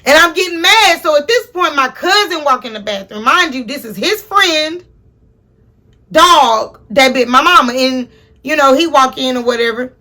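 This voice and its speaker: A young woman telling a personal story to her viewers in a casual, profane, animated way. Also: sits high, moderate pace. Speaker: storyteller host.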